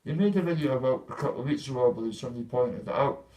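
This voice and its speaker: Vlogger, young man, blunt and confrontational, swears freely, mid pitch. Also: lively intonation, racing, warm tone, poor audio. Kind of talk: casual ranting vlog.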